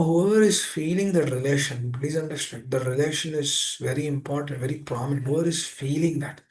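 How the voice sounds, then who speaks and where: A man with a slightly high, creaky voice gives an earnest sermon as part of a scripture class. He often repeats phrases and poses rhetorical questions.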